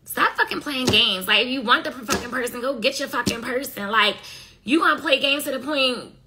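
A woman's voice: sits high, fairly quick, pushed and bright, slight background noise. A woman doing a casual tarot reading, talking bluntly in profane slang and scolding her listeners. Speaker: tarot reader.

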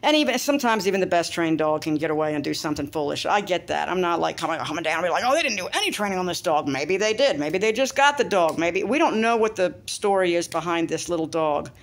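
A woman telling a story in a casual vlog, chatty and animated, breaking into squeaky voices for other people. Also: fast talker, hardly any pauses. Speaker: vlogger. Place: outdoors after a walk.

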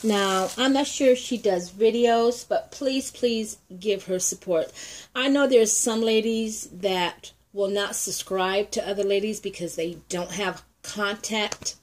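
Slow-talking heartfelt woman vlogger. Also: medium pitch, a little hiss or hum. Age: older. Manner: chatty, heartfelt, addresses viewers as ladies. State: tearful. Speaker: nail art YouTuber. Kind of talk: casual unboxing vlog.

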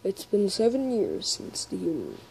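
Woman doing a low, solemn fire-elemental bartender. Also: wildly swooping pitch, creaky, a little mellow, slightly rough, full character voice, poor audio. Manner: slow, solemn delivery.

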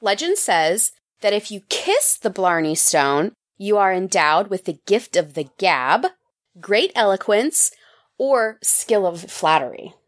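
Lively, playful woman podcast host. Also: mid-range voice, slow pace. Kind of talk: casual chat, summarizing articles.

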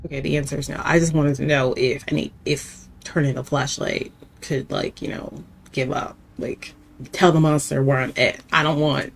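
Jittery gravelly-voiced woman gamer. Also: sits low, fairly even intonation, normal speed. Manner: jittery, drops to nervous whispers. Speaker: gaming channel host. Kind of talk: casual game commentary.

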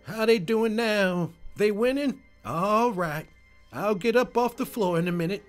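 A man's voice: sits high, unhurried, faint music behind, pitched above the performer's own voice. A man voicing a worried, churchgoing old grandmother who frets and pleads over her grandson. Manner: fretful, pleading, prayerful.

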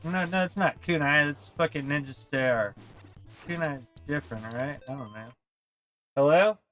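A man live-streaming a retro video game while drinking, rambling and swearing loudly at the game. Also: medium pitch, normal speed, faint music behind, low-quality recording. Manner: profane, rambling, yells at the game. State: tipsy from drinking. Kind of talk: casual live-stream commentary.

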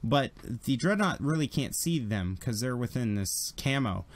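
A man's voice: mid-range voice, expressive, normal speed. A man running a tabletop game as game master, describing scenes in a loose, conversational way.

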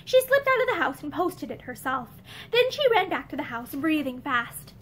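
A woman reads a novel aloud at a measured pace, giving the narration expression. Her voice is high and moves in lively rises and falls. The delivery is clear, steady storytelling. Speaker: reader. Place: indoor room with bookshelves.

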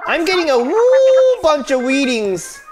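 A woman voicing an excitable young female game character who turns her R's into W's. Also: unhurried. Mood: excited. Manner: squeaky, turning R's into W's. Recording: game music and gunfire behind.

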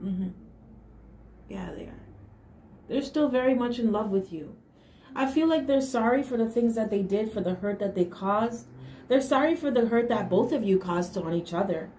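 Higher-pitched woman giving a tarot reading. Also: expressive, normal speed, warm tone. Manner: emphatic, affirming asides, hums and laughs. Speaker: tarot reader. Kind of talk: casual tarot reading to camera. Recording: echoey room with faint hiss.

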